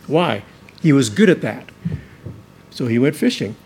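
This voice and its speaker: A man preaching a sermon as pastor, earnest and emphatic, slowing down to stress key words. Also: mid-range voice, very animated, darkish tone, a little hiss or hum.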